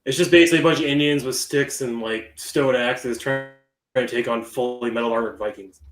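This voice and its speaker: A man's voice: medium pitch, fairly even intonation, brisk, a bit bright, echoey room, soft background music. A man co-hosting a podcast in casual chat, rambling with many fillers and restarts. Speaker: podcast co-host.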